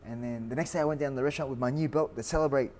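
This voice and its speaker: Animated Australian man telling a story. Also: mid-range voice, rapid-fire, a little hiss or hum. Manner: animated storyteller with frequent fillers and restarts. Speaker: guest, fighter. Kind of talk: storytelling in an interview.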